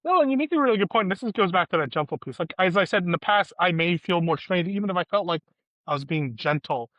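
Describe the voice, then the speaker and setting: A man co-hosting a relaxed conversation, talking reflectively about his own experience. He thinks aloud and fills pauses with "like". His voice sits fairly high for a man, and the recording is dry and close. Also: dry recording, muffled recording. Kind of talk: casual chat.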